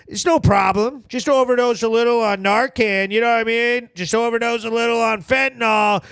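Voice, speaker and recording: A man with a New England accent hosting a live stream, ranting loudly and profanely, mocking people and acting out what they said. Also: very high-pitched, steady tone, moderate pace, hardly any pauses, clean tone, no room sound, clean studio sound. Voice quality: loud, profane, mocking and theatrical. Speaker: livestream host.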